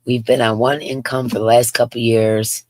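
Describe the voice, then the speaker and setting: A woman's voice: rumbling low, level tone, normal speed, no room sound. A woman in her fifties hosting a craft livestream, chatting in a rambling way and reading viewer comments aloud. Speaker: crochet livestream host. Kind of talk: casual livestream chat.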